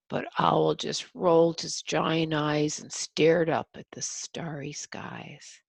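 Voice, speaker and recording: An older woman, a grandmother, reading a picture book aloud to a child, gently explaining and counting along. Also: sits low, slow pace, creaky, no room sound.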